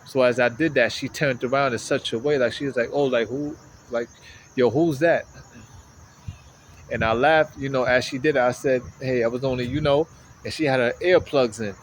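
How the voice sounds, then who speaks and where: Animated man telling a street story. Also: medium pitch, a little fast, a little hiss or hum, low-quality recording. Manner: animated, slangy, keeps checking in with the listener. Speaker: vlogger. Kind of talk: casual storytime monologue.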